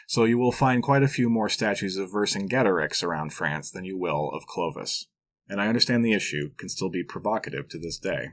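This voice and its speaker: A man's voice: low voice, a bit bright. A man hosting a history podcast, narrating from a script with dry, wry asides. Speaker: podcast host.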